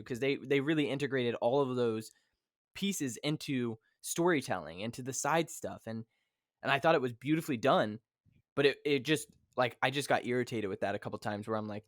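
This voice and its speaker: A man's voice: mid-range voice, fairly quick, no echo, clean studio sound. A man hosting a podcast in casual chat, rambling and acting out his own reactions. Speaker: podcast host.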